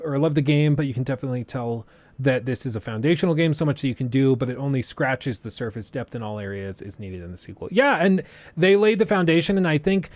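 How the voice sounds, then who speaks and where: A man's voice: medium pitch, dry recording. Casual man rambling on a livestream. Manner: rambling, thinking aloud with many fillers and restarts. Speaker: streamer.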